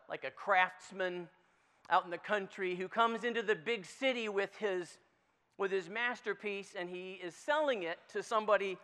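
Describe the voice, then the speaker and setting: A preacher giving a conversational sermon, telling a story in an animated, chatty way. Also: medium pitch, clear, resonant tone. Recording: long hall reverb.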